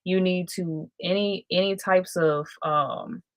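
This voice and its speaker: Female livestream host, casual and self-correcting, lowish voice. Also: steady tone, takes it slowly, dry recording. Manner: rambling, self-correcting, chatty. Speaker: live stream host.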